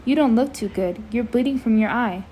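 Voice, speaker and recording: A woman's voice: fairly high pitch, normal speed, warm tone, a little hiss or hum, lightly acted. A woman voicing a concerned, coaxing male teacher in a storybook reading.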